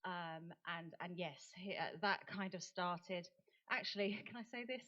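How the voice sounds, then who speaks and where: A woman's voice: lowish voice, unhurried, bright, forceful tone. Self-deprecating English woman giving a chatty talk. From England. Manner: self-deprecating, chatty, with many fillers and restarts. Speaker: autism campaigner and speaker. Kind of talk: conversational talk at a forum. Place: lecture hall. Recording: dull lo-fi recording.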